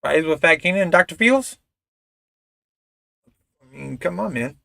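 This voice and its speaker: A man's voice: on the high side, expressive, normal speed, creaky, sharp tone, dry recording. Loose, profane male streamer with a slightly raised voice; dry, close recording. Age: adult father of a toddler. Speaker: live streamer. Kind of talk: casual live-stream chat.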